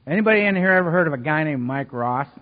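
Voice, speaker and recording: A middle-aged man tells wry, self-mocking stories to a recovery meeting. His voice sits a little high for a man. The sound is dull and lo-fi, with a long reverb tail from the hall. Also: lively intonation, fast talker. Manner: humorous, self-mocking storyteller with many asides. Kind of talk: recovery talk with personal stories. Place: meeting hall before an audience.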